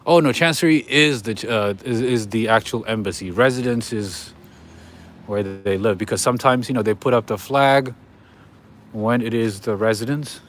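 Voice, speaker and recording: A man with a fairly low voice hosts a walking livestream on a city street at night, chatting directly to viewers and chuckling often. The recording carries a little hiss or hum.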